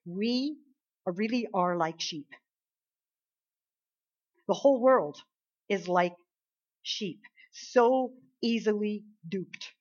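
A woman preaching a sermon, talking casually with the congregation and swinging between hushed and emphatic. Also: medium pitch, slow pace, long pauses, lo-fi sound.

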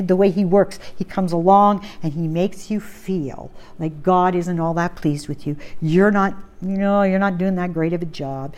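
A woman preaching a sermon, repeating key phrases, asking rhetorical questions and slowing down to read scripture aloud. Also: medium pitch, darkish tone.

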